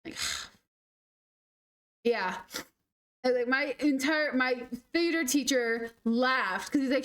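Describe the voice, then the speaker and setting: A woman's voice: sits high, slow pace, pauses often, a bit bright. A woman in her twenties, a game streamer, chatting casually through rambling, self-deprecating stories. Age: 20s. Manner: rambling, self-deprecating, mimics others in quotes. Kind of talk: casual storytelling chat.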